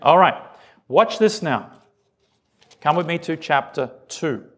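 A man's voice: on the high side, slow pace. A man preaching a sermon, reading scripture and asking his congregation questions as he goes. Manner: animated, asks the congregation questions. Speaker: pastor.

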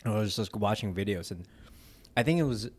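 A man's voice: on the low side, animated, fairly quick, a little mellow, slightly rough. A man whose first language is not English, chatting casually while eating, rambling with lots of slang and filler and laughing often.

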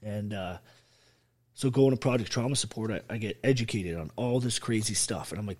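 A man's voice: on the low side, lively intonation, brisk, darkish tone. An army veteran telling his story as an interview guest, blunt and full of swearing. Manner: blunt, heavily profane, emphatic.

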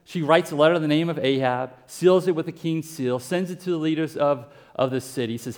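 A pastor preaching a sermon in a conversational way, with asides and everyday comparisons. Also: male voice, on the high side, brisk, few pauses, a little mellow.

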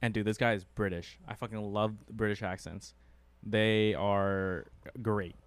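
A young man with a lowish, smooth voice chats loosely as a podcast co-host, rambling and breaking into laughs. The sound is dry and close. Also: steady tone, unhurried, no echo. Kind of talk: casual chat.

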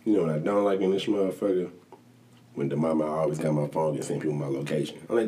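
Animated man acting out stories. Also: fast, a little hiss or hum. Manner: animated storytelling, acts out quotes with big pitch jumps, swears a lot; laughs often. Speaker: podcast co-host. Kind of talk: casual chat.

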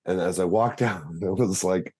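Co-host, man, thirties: low husky voice, animated storyteller. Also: normal speed. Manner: animated, laughs through his story, acts out voices. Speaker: podcast co-host. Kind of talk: casual storytelling.

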